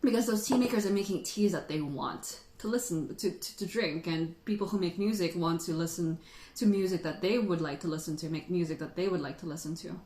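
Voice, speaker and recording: A woman's voice: on the low side, fairly quick, dark tone. A woman hosting a casual livestream who chats in a rambling way and laughs often. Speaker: tea livestream host. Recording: roomy echo.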